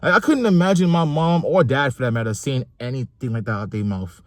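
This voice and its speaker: A man's voice: medium pitch, a little fast, no echo. A young adult man, delivering a passionate opinion monologue about fatherhood and repeating phrases for emphasis. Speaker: vlogger and father.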